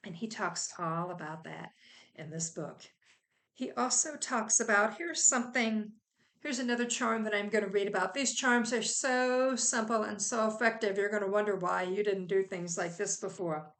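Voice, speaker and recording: A woman with a mid-pitched voice talks through a book review in a relaxed, conversational way. She sounds chatty and enthusiastic, and she recommends the book warmly. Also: moderate pace. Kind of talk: casual video book review.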